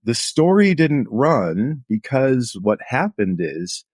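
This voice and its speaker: In a dry, studio-quality recording, a middle-aged man with a medium-pitched, darkish voice speaks slowly but with big swings in pitch. He's a journalist guest in a relaxed interview, sharing anecdotes and leaning on lots of "like" fillers.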